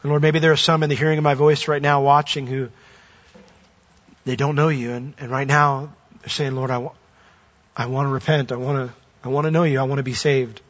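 Earnest male pastor, husky voice. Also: mid-range voice, level tone, a little fast, long pauses, lo-fi sound. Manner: earnest, rising emphasis then hushed prayer. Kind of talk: sermon with closing prayer.

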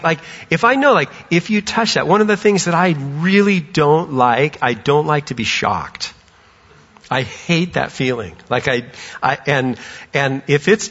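A middle-aged man preaching a sermon as pastor, telling stories with lively animation and acting out voices. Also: on the high side. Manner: animated storytelling, acts out voices. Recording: dull sound with long hall reverb.

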